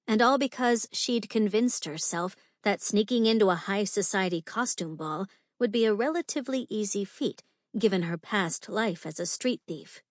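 Clean studio sound with no room tone carries a woman's medium-pitched voice as she reads an audiobook. Her scripted narration is measured and clear, in a storytelling manner.

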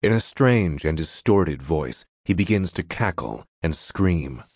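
A man narrating an audiobook in a measured, descriptive way. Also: low-pitched, expressive, heavy background noise.

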